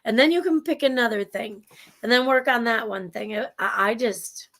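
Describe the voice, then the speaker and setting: Chatty Minnesotan woman, higher voice. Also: moderate pace, vocal fry, fairly bright tone. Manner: chatty and enthusiastic, rambling with restarts. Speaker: show co-host. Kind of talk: casual livestream chat. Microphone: video call.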